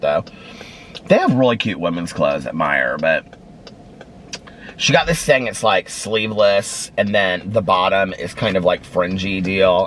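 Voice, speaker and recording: A middle-aged man vlogging in a chatty storytelling way, acting out a friend's lines in a higher voice. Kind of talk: casual vlog chat. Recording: loud car and street noise.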